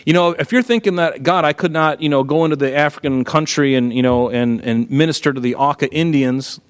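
A middle-aged man preaching a sermon in a conversational, animated way, full of rhetorical questions. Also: a little high, a little fast, clean tone, big-room sound. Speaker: pastor.

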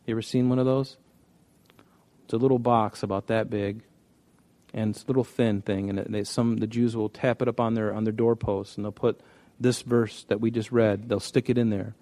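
A man's voice: fairly low pitch, little pitch movement, moderate pace, dark tone, dry recording. A man preaching a conversational sermon, telling stories in a folksy way with frequent restarts. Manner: folksy, storytelling, many restarts. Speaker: pastor.

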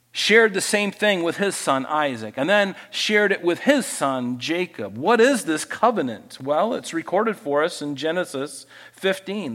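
A man's voice: fairly high pitch, pushed and bright. A male pastor preaching a sermon, reading Bible passages aloud and acting out quoted voices along the way.

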